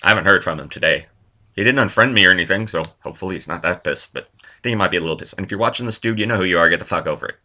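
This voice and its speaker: A man's voice: sits low, racing, sharp tone. A man vlogging a rambling comedy monologue, tossing out one-liners and self-mocking asides.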